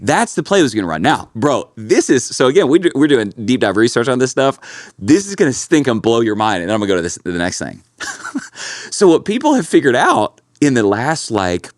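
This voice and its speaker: A man's voice: medium pitch, big pitch swings, brisk, no room sound, clean studio sound. A man hosting a casual podcast, telling stories with lots of energy and calling his co-host bro and dude. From Kentucky.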